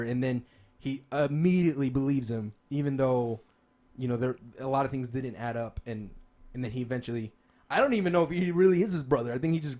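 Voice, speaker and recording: With a medium-pitched, darkish voice, a man co-hosts a podcast chat about games and movies. He's casual and enthusiastic, rambling along with frequent restarts and fillers.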